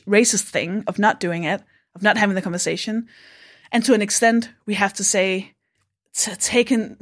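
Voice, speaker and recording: A woman from Denmark, a comedian guest on a podcast, talking frankly and reflectively and swearing casually. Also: mid-range voice. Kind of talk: candid podcast conversation.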